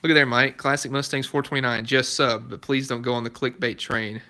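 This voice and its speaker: Bright-voiced garage YouTuber chatting live. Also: male voice, mid-range voice, steady tone, fairly quick. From Southern United States. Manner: chatty, laid-back, chuckles between comments. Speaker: car restoration YouTuber. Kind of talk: casual live-stream chat reading viewer comments. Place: garage workshop.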